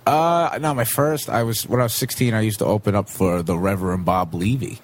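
A man in his twenties, a comedian guest in casual podcast chat, telling animated stories and acting out quotes. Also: lowish voice, a little fast, a little hiss or hum. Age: 20s.

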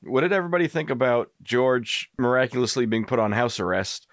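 A man's voice: mid-range voice, lively intonation, brisk, no room sound, studio quality. A man hosting a casual podcast chat, steering the talk and asking questions. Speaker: podcast host.

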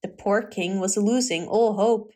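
A woman reading a fairy tale aloud in a gentle, expressive storytelling manner. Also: medium pitch, a little slow.

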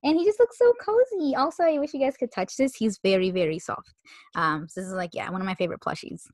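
A woman's voice: fairly high pitch, quick pace, a little mellow, dry recording, clean studio sound. A woman co-hosting a podcast in casual, rambling chat, sniffling from a cold. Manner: chatty, rambling, giggly. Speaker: podcast co-host.

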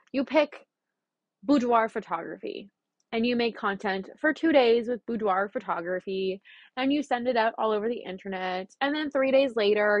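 A woman's voice: fairly high pitch, dry recording, dull audio. Chatty, blunt young woman podcaster. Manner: chatty, blunt and animated, swears and laughs. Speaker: podcast host. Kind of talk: casual solo podcast monologue.

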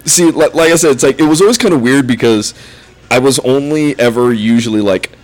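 Laughing man telling animated stories. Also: mid-range voice, brisk. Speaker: former gymnastics coach. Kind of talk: casual podcast chat.

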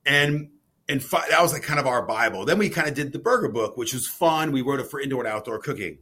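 A man being interviewed about his cookbook, telling stories in a rambling, excitable way with many restarts, and he sounds jet-lagged. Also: mid-range voice, quick pace, breathy edge. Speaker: cookbook author guest. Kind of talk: casual podcast interview.

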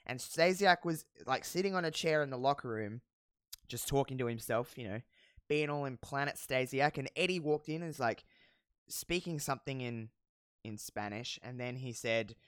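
A podcast host casually recapping a wrestling show, telling it with animated, profane storytelling and frequent laughs. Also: medium pitch, moderate pace, clear, resonant tone, no room sound, clean studio sound. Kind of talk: casual chat.

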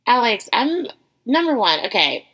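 A woman's voice: on the high side, sing-song, unhurried, a bit bright. An American woman hosting an interview, chatting eagerly with plenty of fillers. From United States. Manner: enthusiastic, many fillers and restarts. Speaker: podcast host. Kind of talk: casual interview chat.

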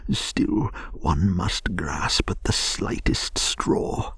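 A man voicing a languid, self-pitying male toad who pretends to be gravely ill, in a gentle bedtime storybook reading. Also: low voice, drawn-out words, no echo, in a whisper, full character voice. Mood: feebly self-pitying. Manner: feeble, sighing, melodramatic.

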